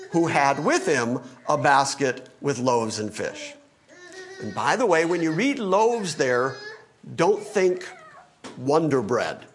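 A male pastor teaching through a Bible passage in an emphatic sermon, acting out the quoted lines. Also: medium pitch. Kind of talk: expository sermon.

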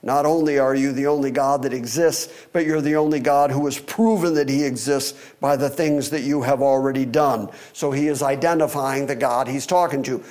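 A man's voice: medium pitch, fairly even intonation, normal speed, few pauses, a little mellow. A man teaching verse by verse through a psalm, reading scripture aloud and then explaining it in plain words. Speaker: Bible teacher.

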